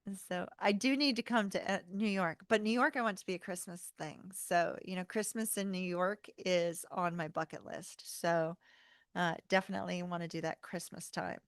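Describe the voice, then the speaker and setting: Female tarot streamer, relaxed chatty host, gravelly, dry close sound. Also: lowish voice, normal speed, dry recording. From North Carolina, US. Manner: chatty, warm-hearted, laughs often, says y'all. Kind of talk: casual livestream chat.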